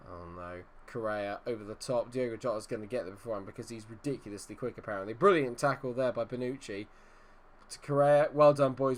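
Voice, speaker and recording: A man talks through a football management game as he plays, in an exasperated, self-deprecating ramble. His voice sits at an everyday middle pitch for a man. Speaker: gaming channel host. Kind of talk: live gameplay commentary.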